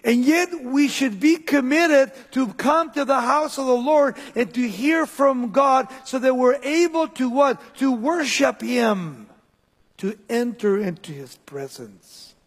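Man, pastor preaching, high pitched, husky, long church-hall reverb. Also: animated, slow. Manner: preaching with wide swings of pitch and loudness. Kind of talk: sermon.

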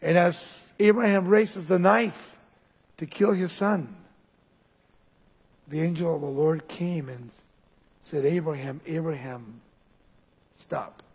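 A man preaching a sermon as pastor, swinging between loud, high calls and low, quiet passages. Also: slow pace, pauses often, husky. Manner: preaching with wide swings of pitch and loudness. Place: church. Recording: long reverb in a church hall.

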